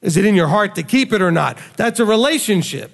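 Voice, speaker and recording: A man's voice: high-pitched, very animated, brisk, gravelly. A man teaching scripture in a conversational sermon style to a small group, acting out quoted lines with animation. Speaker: bible teacher. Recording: long hall reverb.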